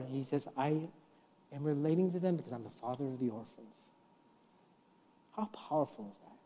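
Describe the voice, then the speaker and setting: A middle-aged guest preacher delivers a sermon in a church, his voice a little high for a man, moving between hushed and loud as he shares personal stories and acts out the people he quotes. Every line carries the long reverb of the hall.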